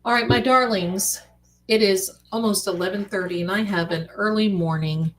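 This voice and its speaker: A woman hosting a casual late-night livestream, chatty and animated, calling her viewers darlings. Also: mid-range voice, normal speed. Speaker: livestream host.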